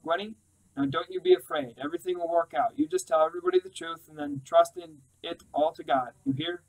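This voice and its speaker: A soft, tender older mother reassures her grown daughter over the phone, her voice lifting well above a normal speaking pitch. A male audiobook reader puts her on. She sounds kind and steady in her faith. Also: a little fast, creaky, exaggerated voice, low-quality recording. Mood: reassuring. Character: gentle churchgoing Southern mother, older woman.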